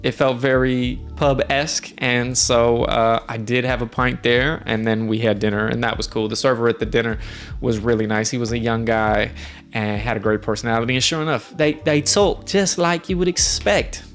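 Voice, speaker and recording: Man from the US, casual storytelling, friendly, rambling, medium pitch, soft music underneath. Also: flat delivery, normal speed, clean tone. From United States. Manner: chatty, friendly, rambling with fillers. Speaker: streamer host. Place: indoors, lives in Norway.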